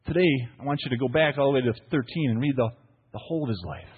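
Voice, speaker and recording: A man's voice: medium pitch, fast, slightly rough, long reverb tail, phone-quality sound. A pastor, preaching a sermon to his congregation in a playful storytelling manner, often asking "right?". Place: church.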